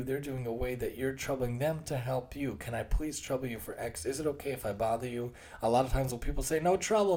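An earnest man in his thirties hosts his own solo talk, speaking at a mid-range pitch. He keeps the tone casual and conversational. He often circles back to repeat and rephrase what he just said. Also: a little mellow. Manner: acts out quoted voices with shifts in tone. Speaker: occupational therapist and podcast host.

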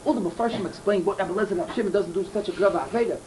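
A man's voice: high-pitched, racing, few pauses, darkish tone, a little hiss or hum, poor audio. A man giving a Torah lecture, telling stories earnestly and repeating key phrases. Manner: earnest, repeats himself, mixes in Hebrew and Yiddish terms. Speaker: Torah teacher.

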